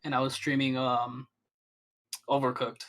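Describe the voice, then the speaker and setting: A man's voice: mid-range voice, monotone, unhurried, a bit bright. A young man chatting as a podcast guest, rambling with many restarts and fillers. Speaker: guest streamer. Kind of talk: casual podcast chat.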